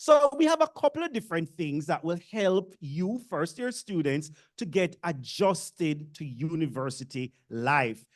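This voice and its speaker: An expressive mid-range voice at a measured pace, with few pauses, carries this casual orientation address from a Jamaican-accented speaker to new university students. The delivery is joking, self-mocking, and conversational, teasing the crowd along the way.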